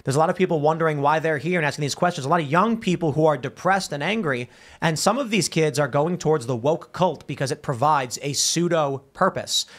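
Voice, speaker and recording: A male talk show host with a somewhat high voice tells stories in a loose, animated way. He often stops and restarts his sentences mid-thought. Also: brisk. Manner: animated storytelling with many restarts. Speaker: podcast host. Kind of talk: casual studio talk show.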